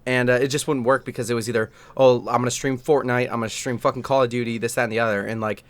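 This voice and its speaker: Young man, podcast co-host, quick rambling delivery, sweary, casual chat. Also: medium pitch, fairly even intonation, dry recording. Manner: fast, sweary, rambling with many fillers.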